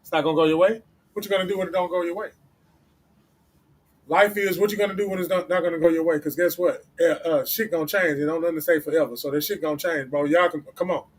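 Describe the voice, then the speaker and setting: A man's voice: a little high, steady tone, quick pace, breathy edge. A man hosting a livestream, giving casual motivational talk in a blunt, profane, repetitive way. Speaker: livestream host.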